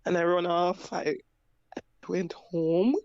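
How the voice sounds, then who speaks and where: A Jamaican woman giving a personal testimony, halting and repeating her words as she recounts. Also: fairly low pitch, little pitch movement, a little mellow, dry recording, dull audio. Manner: halting, repeats words and restarts, plain broken grammar. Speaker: survivor sharing her story.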